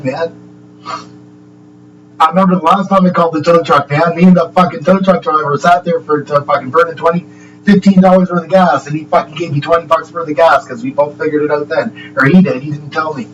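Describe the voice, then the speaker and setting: A man's voice: on the high side, brisk, distant mic, highs cut off. A man chatting loosely on a livestream, swearing constantly and chuckling between sentences. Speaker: livestream host. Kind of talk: rambling casual chat. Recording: steady hum in the background.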